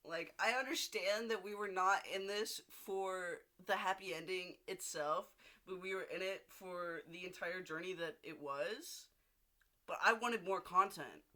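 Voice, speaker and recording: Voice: mid-range voice, measured pace, pushed and bright. A vlogger in a casual video diary, rambling and gushing, with frequent restarts and casual swearing, seated at home.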